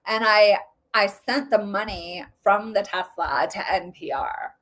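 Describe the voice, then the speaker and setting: A woman hosting a political commentary show, ranting in an animated, sarcastic way. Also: mid-range voice, a little slow. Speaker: host.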